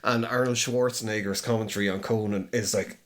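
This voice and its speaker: A man's voice: lowish voice, steady tone, a little fast, a crowd in the background. A man co-hosting a film podcast in loose, casual conversation. He rambles, fills gaps with ums and likes, and swears freely. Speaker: podcast co-host.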